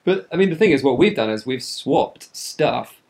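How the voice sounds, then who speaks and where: A man's voice: mid-range voice, lively intonation, normal speed, vocal fry, darkish tone. A man co-hosting a podcast, telling travel stories in a chatty, jokey way. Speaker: podcast co-host. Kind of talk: casual chat.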